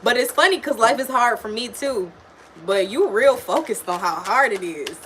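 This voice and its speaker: A woman with a higher, slightly bright voice and lively intonation reads tarot and astrology on a casual live stream at normal speed, with slight background noise. Her style is blunt and slangy, with free swearing and lots of back-and-forth with her chat.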